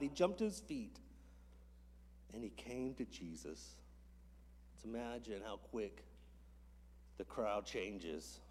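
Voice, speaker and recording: A man preaching a sermon as a pastor in a church, moving between hushed whispers and loud, impassioned calls. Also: mid-range voice, expressive, a little slow, pauses often, breathy edge. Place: church sanctuary.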